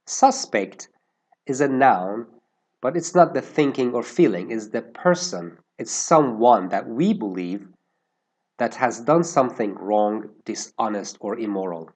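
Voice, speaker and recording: A man teaching an English lesson, explaining word use slowly and carefully and stressing how words sound. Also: medium pitch, expressive, darkish tone.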